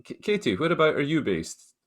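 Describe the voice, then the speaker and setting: A man moderating a business panel over a video call, polite and measured as he passes turns to the speakers. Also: on the high side, very animated. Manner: measured, polite, turn-giving.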